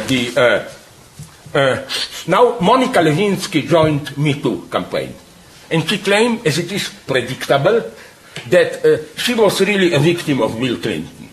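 Emphatic man with a lively, swinging voice. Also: fairly high pitch, a little hiss or hum, low-quality recording. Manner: emphatic, with frequent apologetic asides and many "uh" pauses. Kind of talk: animated spoken argument.

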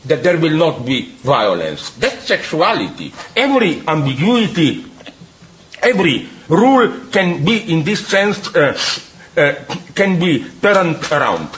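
A man making an animated spoken argument, emphatic, with frequent apologetic asides, many hesitant pauses and laughs at his own points. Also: fairly high pitch, low-quality recording.

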